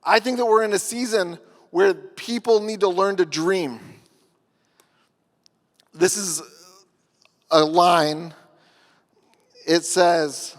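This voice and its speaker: An earnest man speaking at a conference workshop, his voice high and clear. He tells stories with deliberate pauses, and the sound carries a long hall reverb.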